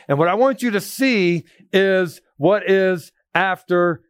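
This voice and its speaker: A man preaching a sermon, emphatic and animated, quoting scripture with a raised voice. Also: on the high side, measured pace, few pauses, clear, resonant tone, dry recording, studio quality. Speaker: pastor.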